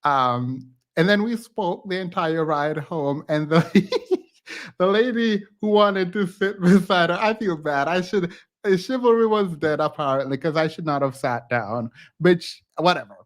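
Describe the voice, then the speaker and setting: A man's voice: a little high, animated, measured pace. A man hosting a live stream from home, tired but chatty, telling a rambling story with frequent laughs. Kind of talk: casual storytelling chat.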